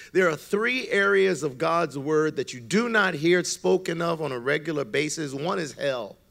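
A male pastor delivering a lively, humorous sermon with a fairly high voice. He tells stories with punchlines, drops into low murmured asides, and then rises into loud preaching calls. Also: creaky. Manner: comic storytelling, acts out quoted voices, swings loud and soft.

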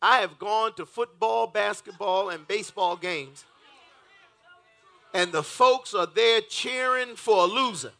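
A man's voice: sits high, measured pace, gravelly, sharp tone. A man preaching a fervent, rhythmic sermon in church, reading scripture aloud as pastor.

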